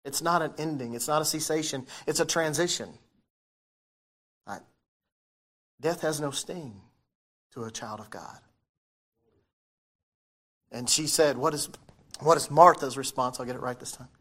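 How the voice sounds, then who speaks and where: A man's voice: fairly high pitch, unhurried, long pauses, a bit bright. A man preaching a sermon, talking it through with his congregation, reading scripture aloud and correcting himself as he goes. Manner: conversational preaching, asks the congregation questions. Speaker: pastor.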